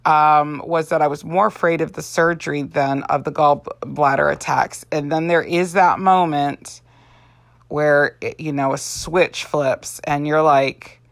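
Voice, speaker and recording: This makeup vlog features an Avon representative in her forties, tired and yawning, chatting in a rambling way full of fillers as she does her makeup. Her deep voice is steady and measured with vocal fry, recorded dry.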